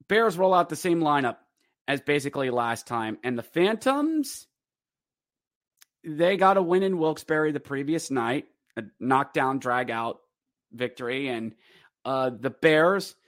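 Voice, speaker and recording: A man hosting a podcast, rambling casually with fillers through a game recap and slipping into excited play-by-play. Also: fairly high pitch, a little slow, dry recording, studio quality. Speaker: podcast host.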